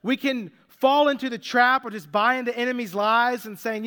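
A man delivering a sermon in a relaxed, conversational way, poking fun at himself and slowing down for emphasis. His voice is unusually high, bright and smooth. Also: big-room sound. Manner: conversational, self-deprecating, slows for emphasis. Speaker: pastor.

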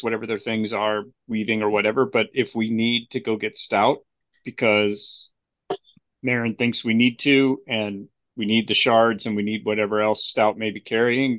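A man's voice: medium pitch, little pitch movement, moderate pace, a bit bright, no room sound, lo-fi sound. A man playing a tabletop game who rambles through his ideas with many restarts. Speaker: player.

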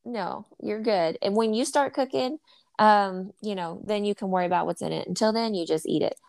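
A woman's voice: medium pitch, normal speed, creaky, darkish tone, no room sound. A woman co-hosting a podcast in casual chat, a bubbly, jokey storyteller. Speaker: podcast co-host.

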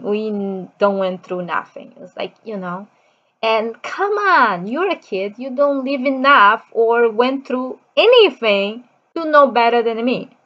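A woman talking casually about her teenage daughter, in non-native English, animated and acting out her children's shouting. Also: medium pitch, muffled recording. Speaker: parent of a teenager. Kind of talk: casual chat.

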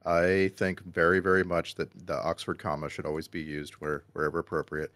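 A man's voice: low-pitched, flat delivery, fairly quick, fairly bright tone, no echo. A man co-hosting a podcast, chatting casually and nitpicking fussily. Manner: fussy pedantic nitpicker. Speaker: podcast co-host. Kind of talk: casual chat.

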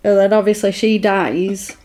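A woman in casual chat, animatedly retelling a film's plot and putting on quick voices for the characters. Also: medium pitch, fairly even intonation, darkish tone. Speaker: podcast co-host recapping a film.

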